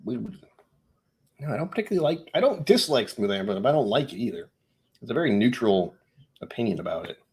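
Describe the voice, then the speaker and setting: A man with a New England accent hosts a whiskey live stream, chatting, getting easily distracted, and joking at his own expense. His medium-pitched voice swings widely in pitch, moves a little fast with long pauses, and sounds a little mellow with a breathy edge.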